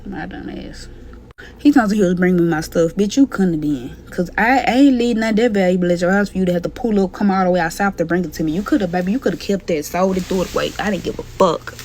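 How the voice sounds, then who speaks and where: Young woman, quick storytelling, profane and blunt, faint room noise. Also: lowish voice, darkish tone. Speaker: storytime vlogger. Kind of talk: casual storytelling.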